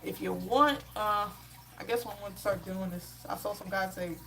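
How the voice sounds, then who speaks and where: A woman's voice: medium pitch, normal speed, gravelly, rough recording. Exasperated woman chatting casually on stream. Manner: exasperated, slangy storytelling with animated asides. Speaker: live-stream host. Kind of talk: casual live reaction chat and storytelling.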